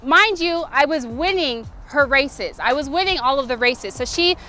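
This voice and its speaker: A woman in her thirties, a former softball player, telling a lively motivational story to camera. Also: sits high, normal speed, a little hiss or hum.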